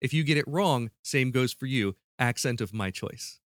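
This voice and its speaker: A man's voice: mid-range voice, expressive, normal speed, no room sound, studio quality. A man hosting a casual podcast quiz, playful and prone to restarting mid-sentence. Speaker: podcast host running a quiz.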